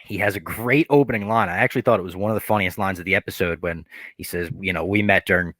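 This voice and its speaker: A low-voiced man talks through a TV episode on a casual podcast, recorded dry and close to the mic. He tells it with energy and drops into brief impressions of the characters as he goes. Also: fast, dry recording. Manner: animated retelling, acts out quoted characters. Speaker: podcast co-host.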